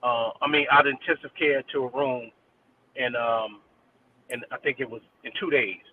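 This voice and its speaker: A man's voice: medium pitch, steady tone, normal speed. A middle-aged man, a guest DJ, telling a personal story in an earnest, rambling way with frequent restarts. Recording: tinny phone line with faint noise.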